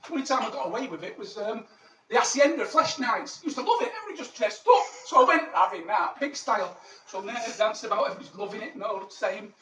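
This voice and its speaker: A man's voice: high voice, big pitch swings, fast talker, pushed and bright, full character voice. Male comic as boastful Roman legionary, crude and rambling; distant, roomy recording, noisy. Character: cheeky ancient Roman soldier living in Manchester. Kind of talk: character stand-up monologue. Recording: echoey, distant mic, background noise.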